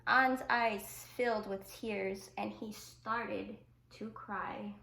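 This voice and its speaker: A woman teacher reading a picture book aloud to children, with gentle asides explaining the story. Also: medium pitch, fairly even intonation, drawn-out words, gravelly, a little hiss or hum. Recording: echoey room.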